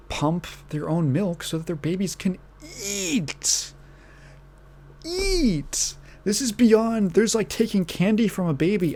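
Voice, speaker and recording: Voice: medium pitch, dark tone. A podcast host ranting in casual commentary, exasperated and profane, often restarting and trailing off mid-phrase.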